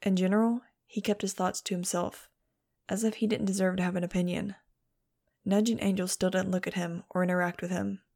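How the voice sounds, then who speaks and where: A woman's voice: fairly low pitch, flat delivery, a little fast, a little mellow. A woman narrating a first-person audiobook in a dry, sardonic manner.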